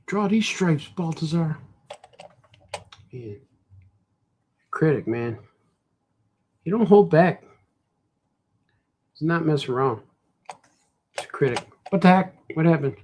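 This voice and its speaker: A man's voice: on the high side, animated, slow, pauses often, a little mellow, a little hiss or hum. A man cartoonist thinking aloud in a casual drawing vlog, rambling and muttering to himself as he works. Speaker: cartoonist and comic shop host.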